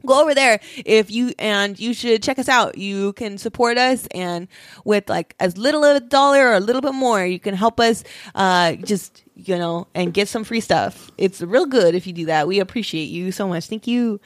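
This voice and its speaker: A woman's voice: mid-range voice, normal speed, dry recording, studio quality. A young woman hosting a podcast, bubbly and giggly, rambling through a casual outro. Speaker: podcast host.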